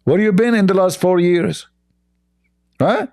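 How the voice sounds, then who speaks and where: A man delivers sarcastic reaction commentary in a mocking, scornful tone, rambling along with broken grammar. His voice sits a little high for a man. The tone is dark and mellow. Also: measured pace, vocal fry.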